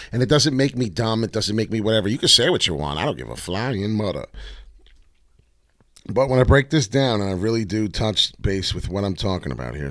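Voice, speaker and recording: Brash male chart streamer, lowish voice with lively swings, dry sound, rambling and profane. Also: no echo. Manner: brash, rambling, swears freely, breaks into sing-song. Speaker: crypto chart analyst streamer. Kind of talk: casual live chart commentary.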